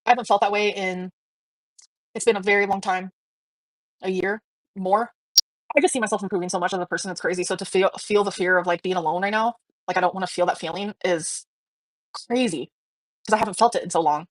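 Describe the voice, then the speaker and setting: A young woman live streaming, talking fast and emotionally, swearing, with lots of fillers and restarts. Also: mid-range voice, no echo.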